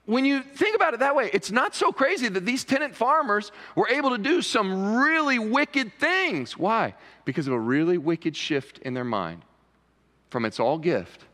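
A man's voice: high-pitched, very animated, normal speed, fairly bright tone. A man preaching a conversational sermon as pastor, rising to emphatic pleading. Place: church sanctuary. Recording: long reverb of a church sanctuary.

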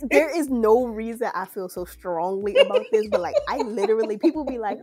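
A woman's voice: fairly high pitch, expressive, a little mellow, soft background music. Playful young woman podcast co-host. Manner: playful, exaggerated, quick to laugh. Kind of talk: casual podcast chat.

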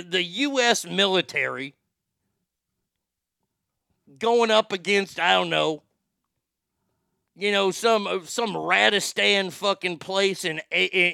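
A middle-aged man hosting a show, telling a story in a loose, profane rant. He keeps stammering and restarting, and his voice is bright and clear. The room sounds dry and close. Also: high-pitched, no echo. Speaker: show host. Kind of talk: casual ranting monologue.

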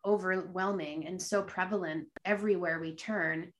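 A woman's voice: lowish voice, steady tone, normal speed. A woman hosting a podcast interview, responding with effusive admiration. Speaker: podcast host.

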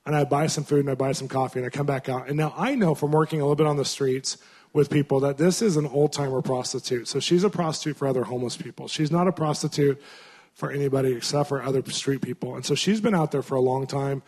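A man, a Christian minister, telling stories in a sermon in an animated, conversational way. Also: medium pitch, fast, slightly rough. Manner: animated, conversational storytelling with frequent laughs. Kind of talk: storytelling sermon.

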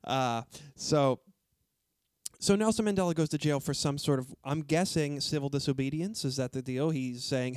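A man's voice: medium pitch, moderate pace, darkish tone, dry recording, clean studio sound. An American man hosting a casual interview, joking at his own expense and asking plain questions. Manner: jokey, self-deprecating, asks plain questions. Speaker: podcast host.

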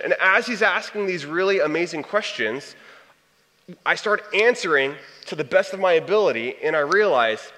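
A young man in his twenties telling a personal story to an audience in a lively, conversational way. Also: high-pitched, moderate pace. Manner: animated, conversational storytelling with acted quotes. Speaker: speaker sharing testimony. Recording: long hall reverb.

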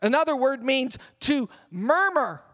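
An older man, a pastor, delivering an animated sermon that drops at times to a murmured prayer. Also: very high-pitched, measured pace. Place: church hall. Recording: long reverb of a church hall.

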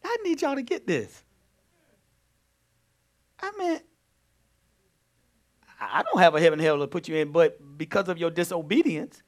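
A man preaching a sermon as pastor, swinging between quiet talk and loud, urgent emphasis. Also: a little high, big pitch swings, measured pace, pauses often.

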